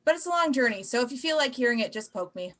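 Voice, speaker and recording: Woman doing a put-upon fantasy traveler; dry, bright-toned, chatty. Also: fairly high pitch, lively intonation, fast. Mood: sarcastic. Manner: dry sarcasm, rambling asides.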